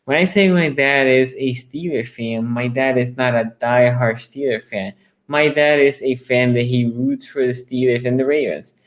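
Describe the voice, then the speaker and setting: Excitable rambling sports talk host, a man. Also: moderate pace. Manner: rambling and restarting, then bursting into high excited storytelling; reads viewer comments aloud and answers them. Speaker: sports talk show host taking callers. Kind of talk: casual fan chat on a sports show.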